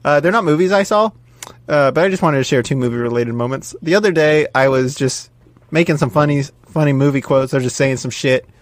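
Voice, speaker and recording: A man co-hosting a casual podcast chat, telling jokey stories in an animated way. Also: a little high, fairly quick, no echo. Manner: animated joking storyteller. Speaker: podcast co-host.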